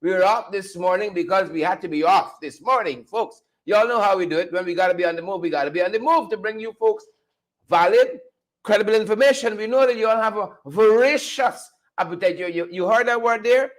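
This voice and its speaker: A man's voice: high voice, brisk. A middle-aged man hosting a livestream, full of playful catchphrases and repeated chants. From Guyana. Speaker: livestream host. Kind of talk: energetic livestream hype talk.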